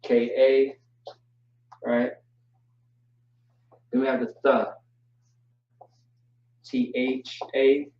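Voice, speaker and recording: A man teaching a language class online, relaxed and joking, spelling words out slowly. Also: medium pitch. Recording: distant, roomy, dull mic sound.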